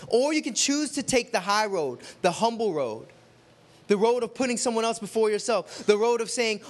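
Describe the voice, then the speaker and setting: A man preaching to a group, telling a personal story in a conversational, animated way and acting out the quotes. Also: sits high, moderate pace. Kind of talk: sermon with storytelling.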